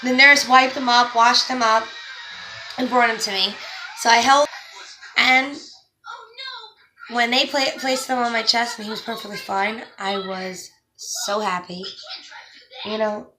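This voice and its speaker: A young woman vlogger telling a story in a casual, animated way, acting out what others said in her own voice. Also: a little high, unhurried, pauses often, slight background noise, rough recording. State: pregnant. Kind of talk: casual story-time chat to camera. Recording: faint music behind.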